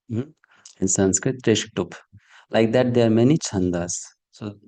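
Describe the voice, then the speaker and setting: A man with a low, mellow voice leads an online verse class over a video call. He explains things patiently and keeps asking whether the students understand. His tone stays soft and dark. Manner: patient, checks understanding with frequent "hmm?" and "okay?". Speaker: Sanskrit verse teacher.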